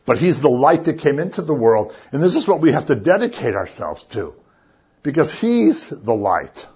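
A man's voice: on the high side, very animated, normal speed, a little mellow, slightly rough, muffled recording. A man giving a casual, conversational sermon and often checking in with his listeners. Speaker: preacher.

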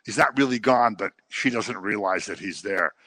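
A man's voice: fairly low pitch, normal speed, fairly bright tone, no room sound. A man teaching the Bible in a conversational way, telling the stories and acting out the people he quotes. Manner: informal, with fillers and restarts. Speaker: preacher.

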